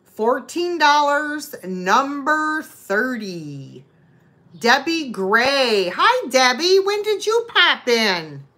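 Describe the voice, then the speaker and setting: A chatty woman hosting a live vintage sale, greeting viewers by name between items. Her voice sits high and swoops about a lot, and she talks very slowly. The tone is bright and forceful. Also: very animated. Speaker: online vintage seller. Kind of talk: live-stream sale chat.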